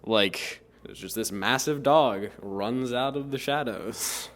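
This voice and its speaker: A man's voice: mid-range voice, takes it slowly, a bit bright. A teenage boy on a youth radio team telling a story casually with many fillers. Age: teens.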